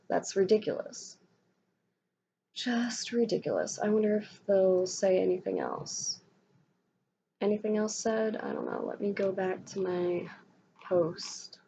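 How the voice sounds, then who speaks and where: Young woman vlogger, low gravelly voice, rambling and frustrated rant, dull lo-fi recording. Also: darkish tone. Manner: frustrated, rambling, with many restarts. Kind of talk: casual ranting monologue. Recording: dull lo-fi sound with faint noise.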